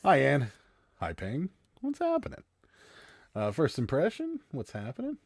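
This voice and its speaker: A man's voice: mid-range voice, wildly swooping pitch, normal speed, creaky, husky, no echo. A man with a Pittsburgh accent, co-hosting a live stream in casual chat and greeting viewers by name. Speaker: co-host of a live selling stream.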